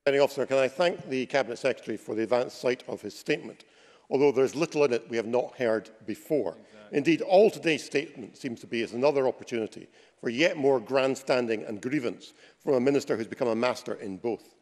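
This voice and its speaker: A man's voice: medium pitch, fast, a little mellow. A man from Scotland, an opposition member of parliament, questioning a minister in a pointed, sarcastic way. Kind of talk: parliamentary debate. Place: debating chamber. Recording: long chamber reverb.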